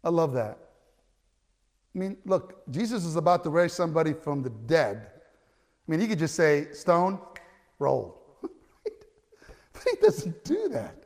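A man preaching a sermon, telling a story with animated delivery that swells to loud cries and stumbles into restarts. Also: on the high side, normal speed, pauses often. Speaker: pastor. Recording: long hall reverb.

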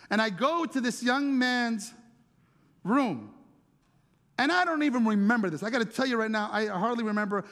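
A man's voice: high voice, a bit bright, long reverb tail. A middle-aged man preaching as a pastor, telling a story in a conversational way, often repeating words as he searches for them. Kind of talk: storytelling sermon.

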